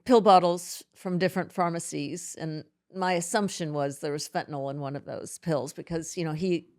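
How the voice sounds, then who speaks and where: Woman, middle-aged, interview guest, halting, emotional, lowish voice. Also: steady tone, darkish tone. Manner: halting, emotional, many restarts. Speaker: podcast guest.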